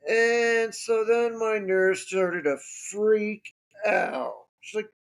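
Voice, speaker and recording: Man podcast host, unhurried gravelly voice, wry casual storytelling. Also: sits high.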